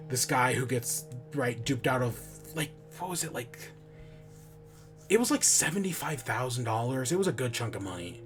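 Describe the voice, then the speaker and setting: A man hosting a podcast in casual chat, rambling with restarts and casual swearing. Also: medium pitch. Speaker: podcast host.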